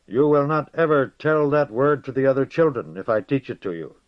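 A man's voice: medium pitch, lively intonation, fairly quick, pitched above the performer's own voice, lightly acted. A man voicing a stern village witch. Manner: commanding, solemn. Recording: dull lo-fi recording.

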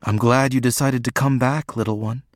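A man voicing a deep-voiced tender mistress. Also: moderate pace, dry recording, studio quality, close to an everyday voice. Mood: gentle. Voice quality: deep, soft, musical. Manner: tender, steady. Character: powerful motherly woman, calm and gentle.

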